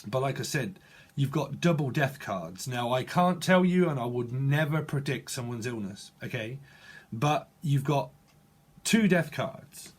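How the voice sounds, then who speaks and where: A man giving a channeled psychic tarot reading, halting and restarting often as he speaks to the viewer. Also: medium pitch, lively intonation, breathy edge. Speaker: tarot reader.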